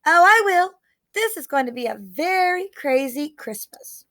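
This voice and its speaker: Woman doing an excited little boy. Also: very high voice, unhurried, dry recording, pitched above the performer's own voice, heavily acted. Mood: cheerful. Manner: bouncy, eager. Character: excited young boy narrator.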